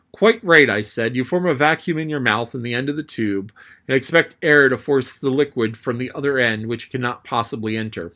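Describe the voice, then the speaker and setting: A man reading a classic adventure novel aloud as an audiobook narrator, telling the story in a lively way. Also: normal speed. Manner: lively storytelling, raising his pitch for the boy's lines.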